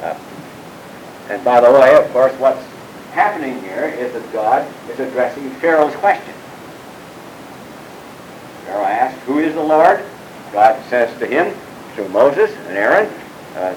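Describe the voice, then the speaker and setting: A man's voice: mid-range voice, expressive, unhurried, pauses often, a little hiss or hum, low-quality recording. Man lecturing on scripture to a class. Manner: questioning students, frequent "uh" and "by the way" asides. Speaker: Bible teacher.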